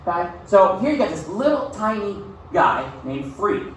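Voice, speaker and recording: Male teacher, casual classroom talk with a slightly high voice, reading aloud from a distance in a bare room with faint hiss. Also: very animated, normal speed. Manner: casual, checks in with frequent "okay?". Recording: very echoey room, far from mic.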